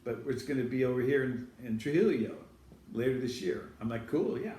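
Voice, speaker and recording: A man's voice: medium pitch, steady tone, brisk, dark tone, a little hiss or hum. A man hosting a studio show, telling a rambling personal anecdote to camera and correcting himself as he goes. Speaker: host telling a personal story. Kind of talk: casual storytelling to camera. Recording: echoey room, far from the mic.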